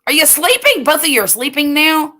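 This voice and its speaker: An older woman from the US Gulf Coast hosts a late-night livestream from home, chatting slowly and rambling, laughing easily as she reads viewer comments. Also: high voice, very animated, pushed and bright. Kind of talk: casual chat reading viewer comments.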